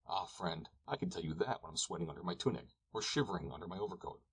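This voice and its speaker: A man's voice: deep voice, animated, quick pace, a little hiss or hum. A man playing a blunt, weather-wise shepherd. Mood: scoffing.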